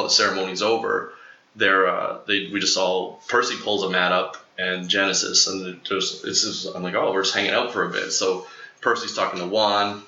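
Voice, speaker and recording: Young guy rambling thru a story, lotsa fillers, pops up high doing quotes, bright voice, roomy kinda muffled sound. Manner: rambling, animated, acts out quotes in a higher voice. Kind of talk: casual storytelling.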